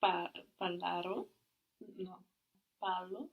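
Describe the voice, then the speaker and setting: A woman's voice: on the low side, takes it slowly. A woman, a native German speaker, tentatively trying out phrases as a student in a language lesson. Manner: tentative, repeats and tries out phrases. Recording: tinny phone-like sound.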